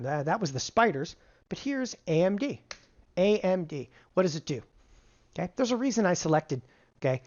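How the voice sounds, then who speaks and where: A man teaching an online trading seminar, animated, constantly asking rhetorical questions and answering them himself. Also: fairly high pitch, lo-fi sound. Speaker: options trading instructor. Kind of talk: energetic online seminar lecture.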